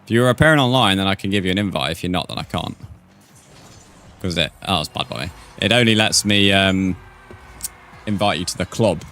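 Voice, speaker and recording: A man's voice: deep voice, brisk, pauses often, sharp tone, faint music behind. A man streaming a game, chatting casually with viewers and calling them "mate". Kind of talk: casual live-stream chat.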